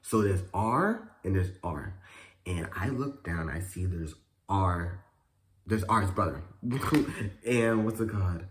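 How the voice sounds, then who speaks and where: Man vlogger, low-ish voice that swings wide, slangy and cussing, telling a storytime. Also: takes it slowly. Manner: animated, profane storytelling full of slang and fillers; acts out quotes with sudden high pitch jumps. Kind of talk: casual storytime.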